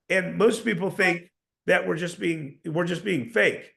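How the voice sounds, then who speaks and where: A man's voice: sits high, measured pace, vocal fry, pushed and bright. A man teaching salespeople in a coaching style, repeating points and demonstrating tones of voice. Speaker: sales trainer. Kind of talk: motivational sales lesson.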